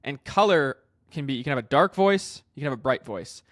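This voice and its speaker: A man's voice: medium pitch, lively intonation, a little fast, no echo, clean studio sound. A man working as a vocal coach, explaining singing technique in a casual way, with loose fillers and restarts. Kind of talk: singing lesson with sung demonstrations.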